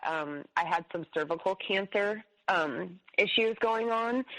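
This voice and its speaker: A woman's voice: fairly low pitch, a bit bright, low-quality recording. A woman, a guest on a talk show, telling her personal story in a rambling, emphatic way, full of restarts and fillers.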